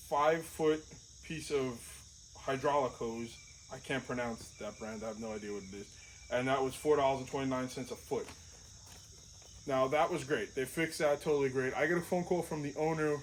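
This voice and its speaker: A man's voice: medium pitch, slight background noise, poor audio. A man casually vlogging outdoors beside his tractor. He talks in a rambling, chatty, self-deprecating way. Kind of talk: casual show-and-tell vlog.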